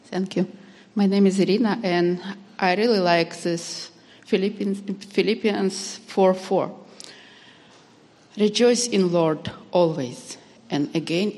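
Woman, slow and deliberate, simple phrasing, long church reverb. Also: on the low side, darkish tone. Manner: simple, non-native phrasing. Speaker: congregant. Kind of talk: sharing a favorite scripture verse.

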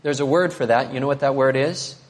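A man preaching a sermon as pastor, animated, swinging between emphatic high notes and quiet asides. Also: brisk. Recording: long reverb of a large hall.

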